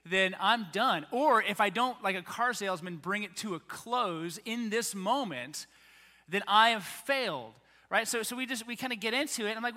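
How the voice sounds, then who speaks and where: A man's voice: high voice, moderate pace, big-room sound. A man preaching a sermon, talking casually and acting out comic quotes to his congregation. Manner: conversational preaching, animated mock quotes. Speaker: pastor.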